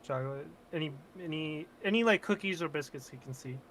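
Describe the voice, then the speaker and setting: A man's voice: on the high side, fairly quick, a bit bright, slight background noise. A man playing a tabletop roleplaying game, casually describing what his character does. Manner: casual, thinking aloud. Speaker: player.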